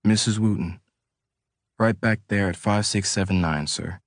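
A frightened young working man, voiced by a man in a storybook reading, answering the police softly and breathlessly. His pleas stay low-pitched and pleading, with a dry, close sound. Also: unhurried, no room sound.

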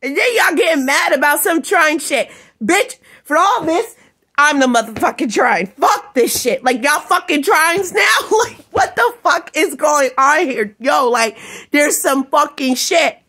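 A woman vlogger in an angry, rambling rant, swearing constantly and often breaking into shouts. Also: high voice, expressive, a little slow. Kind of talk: ranting vlog monologue.

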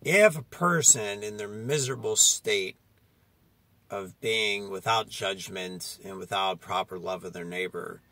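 A man's voice: on the low side, measured pace, pushed and bright, no room sound. A man preaching a fiery sermon, confronting his listeners and often asking "okay?" between his points. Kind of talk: street-style sermon.

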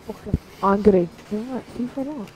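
A young man in heated voice chat during an online game, swearing constantly and quick to shout. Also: sits high, background noise. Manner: foul-mouthed, quick-tempered, shouting in bursts.

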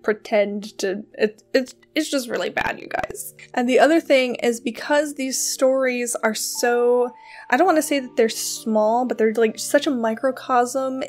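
A woman hosting a book channel, talking casually about a short story, chatty and full of fillers and self-corrections. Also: a little high. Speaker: host of a book reading channel. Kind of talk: casual spoken literary discussion.

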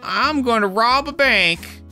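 Man putting on a timid female corn tenant, high and plaintive, game voice, faint music underneath. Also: expressive, takes it slowly, pushed and bright, exaggerated voice.

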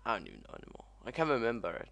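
A young man commentating as he plays a video game, excitable and swearing often. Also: on the low side, rapid-fire, vocal fry. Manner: excitable, swears a lot, yelps at crashes. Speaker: gaming commentator. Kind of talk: let's play commentary.

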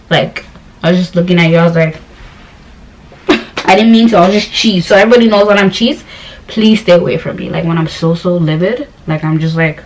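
A woman's voice: fairly low pitch, steady tone, a little fast, a little hiss or hum, rough recording. A young woman vlogger telling a story in a casual, slangy, rambling rant, exasperated and fed up.

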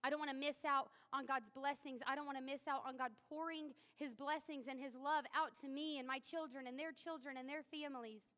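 A woman's voice: high-pitched, pushed and bright, big-room sound. A woman in her thirties preaching a sermon in a church, candid and self-deprecating, talking to the congregation like a friend. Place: church sanctuary.

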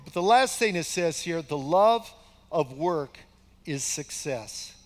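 An older pastor in his sixties preaches in a folksy, conversational way, leaning hard on repeated phrases for emphasis. His voice sits high for a man. The sound trails off in the long reverb of a large church hall. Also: animated, slow pace. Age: 60s. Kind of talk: conversational sermon. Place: church sanctuary.

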